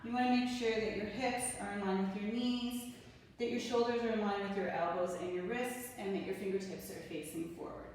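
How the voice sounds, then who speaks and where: Woman yoga instructor, soothing steady cues, long reverb, faint room hum behind. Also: medium pitch. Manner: calm, gentle cueing of breath and movement. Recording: echoey room from far off, faint ambience.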